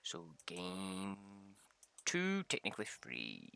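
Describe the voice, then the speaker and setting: Young man, casual rambling storyteller, gravelly and lively, dry close sound. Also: deep voice, extremely slow, dry recording. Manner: rambling, swearing, laughing often. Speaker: gamer telling tabletop game stories. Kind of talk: casual chat.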